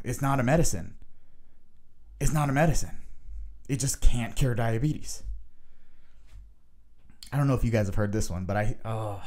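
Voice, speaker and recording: A man ranting in a casual vlog, animated and sarcastic. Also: lowish voice. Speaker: vlogger.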